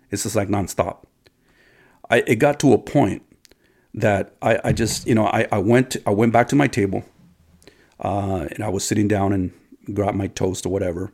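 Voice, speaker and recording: A man's voice: lowish voice, measured pace. A man telling a personal story to his viewers in a rambling, casual way, with many restarts and occasional swearing.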